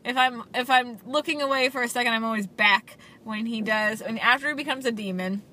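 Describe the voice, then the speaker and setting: A woman's voice: on the high side, a little fast, bright, forceful tone, a little hiss or hum. A young woman chatting casually in a daily video diary, rambling and enthusiastic with lots of fillers. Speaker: vlogger reviewing a film daily.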